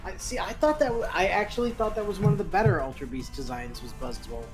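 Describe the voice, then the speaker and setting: A co-host on a casual gaming podcast who talks in a halting way, thinking aloud with many fillers. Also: medium pitch, animated. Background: faint background music.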